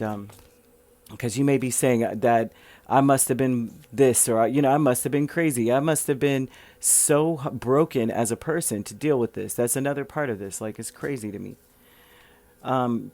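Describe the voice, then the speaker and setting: A man's voice: medium pitch, normal speed, a little mellow, no room sound. A man giving a casual tarot reading, talking in a chatty, rambling way with many fillers and restarts. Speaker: tarot reader.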